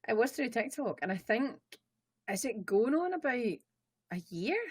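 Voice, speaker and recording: A woman's voice: fairly high pitch, big pitch swings, moderate pace, breathy edge, no room sound. Chatty Scottish woman, dry close sound. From Scotland. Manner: chatty, laughs often, self-mocking. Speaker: guest, Twitch streamer. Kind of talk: casual interview chat. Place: studio.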